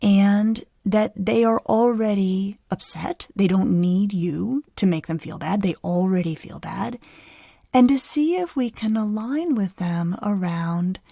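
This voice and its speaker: A middle-aged woman psychologist hosting a podcast, explaining conversationally with an animated, easy manner. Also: mid-range voice, a little slow, creaky, no room sound, studio quality. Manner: animated, explanatory, laughs easily. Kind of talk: conversational expert advice.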